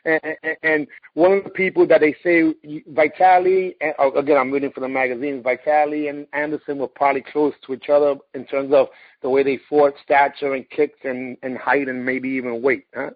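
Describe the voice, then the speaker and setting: A man hosting a radio interview, asking halting, hesitant questions. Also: medium pitch, level tone, dry recording, lo-fi sound. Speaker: interview host.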